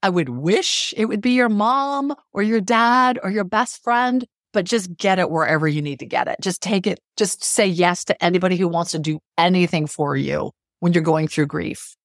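A woman's voice: lowish voice, moderate pace, few pauses, no echo, studio quality. A middle-aged woman psychotherapist speaking as a guest in a podcast interview, earnest and emphatic, repeating phrases to drive her point home.

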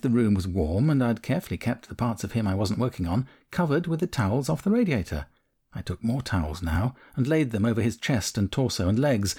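A man narrating a first-person memoir audiobook in a calm, measured, candid way. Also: mid-range voice, husky.

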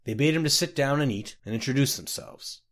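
A man narrating a fantasy story aloud in a measured, expressive way. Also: mid-range voice. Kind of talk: audiobook narration.

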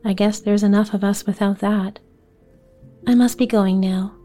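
A woman's voice: medium pitch, steady tone, moderate pace, dark tone, soft background music, natural voice. A woman voicing a shy, polite little boy in a storybook reading.

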